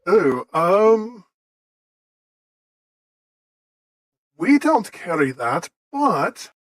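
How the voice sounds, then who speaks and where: A man's voice: sits high, sing-song, very slow, no echo, heavily acted, rough recording. A man playing a rambling shopkeeper. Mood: helpful. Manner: rambling, hesitant, with many fillers. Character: chatty, helpful male shopkeeper.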